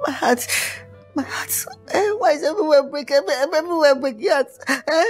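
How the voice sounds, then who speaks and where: Here is a woman acting out a vain, excitable male singer, talking in a high voice. He whines and repeats himself in a comic skit. Faint music plays underneath. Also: unhurried. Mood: distraught, whiny. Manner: dramatic, whiny, repeats himself. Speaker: comedy skit actor.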